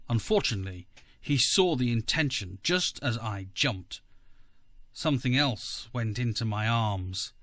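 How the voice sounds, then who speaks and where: A man, a podcast co-host, reading a story aloud in measured first-person narration. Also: medium pitch, expressive, a bit bright, no echo. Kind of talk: audiobook reading.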